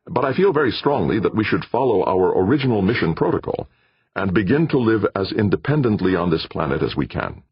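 A man's voice: fairly low pitch, big pitch swings, fairly quick, slightly rough, dry recording, lo-fi sound, pitched above the performer's own voice, heavily acted. A man doing a curt suspicious doctor. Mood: insistent. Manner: curt, insistent, mistrustful. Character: suspicious stiff male mission doctor.

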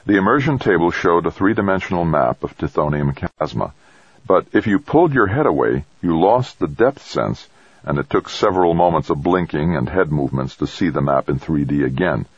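A man narrating an audiobook in a measured, even storytelling manner. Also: low voice, slightly rough, dry recording, highs cut off. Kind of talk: scripted narration.

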